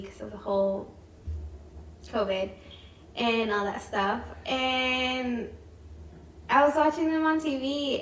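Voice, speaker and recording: A woman's voice: fairly high pitch, a bit bright. A young woman, a mother and co-host, telling family stories in a casual chat, full of "like"s and quoting her kids. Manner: chatty storytelling, many "like"s, quoting her kids. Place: home. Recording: echoey room, mic at a distance, faint noise.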